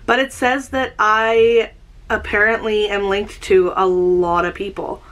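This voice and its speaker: A woman talking casually in a vlog, excitable and rambling, with mild swearing. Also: medium pitch, unhurried. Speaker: YouTuber.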